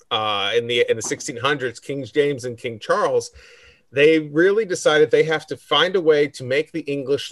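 A man's voice: medium pitch, no room sound. An American man casually explaining history on a podcast, with fillers and restarts. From United States. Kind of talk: casual chat.

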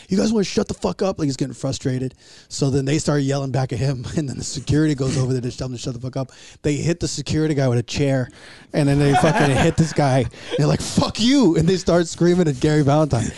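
A man's voice: mid-range voice, no echo. A man who is a stand-up comedian, telling profane stories in a casual chat and acting out the people in them. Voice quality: profane, animated storyteller who acts out voices. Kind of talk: casual podcast chat among comics.

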